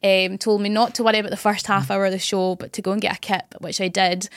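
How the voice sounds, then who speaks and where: Highlands woman, radio presenter, animated storyteller, dry close mic. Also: quick pace, dry recording. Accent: Scottish Highlands. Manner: animated storytelling, laughs often. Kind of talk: casual podcast chat.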